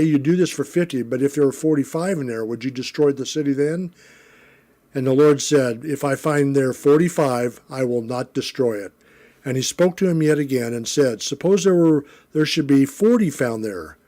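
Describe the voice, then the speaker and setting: A middle-aged man teaching a Bible lesson, reading scripture aloud and explaining it in a relaxed, conversational way with frequent fillers and self-corrections. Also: mid-range voice.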